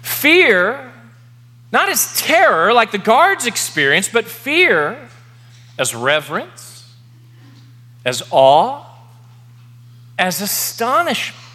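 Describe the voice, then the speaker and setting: A man preaching a sermon as pastor, emphatic, repeating key words slowly for effect. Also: sits high, wildly swooping pitch, sharp tone. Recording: long reverb of a large hall.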